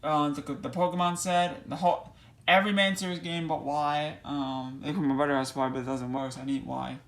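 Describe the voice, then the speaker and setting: A man's voice: fairly high pitch, steady tone, brisk, a bit bright. A young man casually touring his game collection in a small bedroom, rambling with many restarts and saying he is out of breath. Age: young adult. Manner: rambling, restarts, repeats 'actually' and 'crazy'. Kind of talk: casual room tour.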